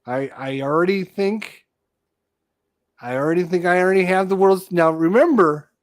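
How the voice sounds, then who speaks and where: A man's voice: high voice, normal speed, no echo, clean studio sound. A man hosting a casual live chat show. He rambles, restarts his sentences and loses his train of thought. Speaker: podcast host.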